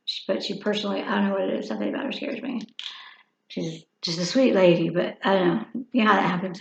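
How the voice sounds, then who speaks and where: Chatty gravelly woman over fifty. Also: mid-range voice, slight background noise. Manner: chatty, rambling, self-talking while applying makeup. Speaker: makeup vlogger. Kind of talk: casual makeup tutorial. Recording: echoey room, dull lo-fi sound.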